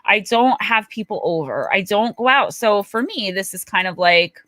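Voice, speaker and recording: Middle-aged New woman, livestream host, bright tone, dry close sound, chatty and quick to laugh. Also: medium pitch, dry recording. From Paterson, New Jersey. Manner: chatty, animated storyteller who laughs often. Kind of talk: casual livestream chat.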